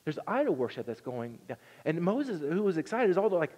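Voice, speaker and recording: Man, pastor, sermon, earnest storytelling, fairly high voice, long reverberant hall. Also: big pitch swings, a little fast, slightly rough. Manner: earnest storytelling, swings from loud to hushed.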